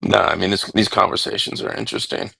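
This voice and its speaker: A man's voice: low-pitched, fairly even intonation, quick pace, gravelly, pushed and bright, slightly rough, no room sound, poor audio. A man calling in to a live stream, chatting in an easygoing way with plenty of fillers. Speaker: caller. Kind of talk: casual call-in chat.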